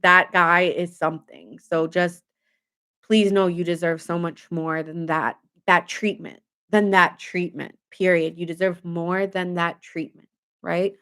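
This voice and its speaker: A woman's voice: on the low side, little pitch movement, measured pace, fairly bright tone. A young adult woman giving a casual tarot reading to camera, talking emphatically with lots of filler words and open indignation. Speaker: tarot reader.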